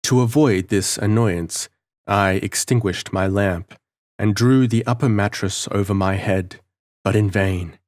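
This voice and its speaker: Deep-voiced male audiobook narrator. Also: darkish tone, no room sound, studio quality. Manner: measured, dramatic reading. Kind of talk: scripted narration of a gothic novel.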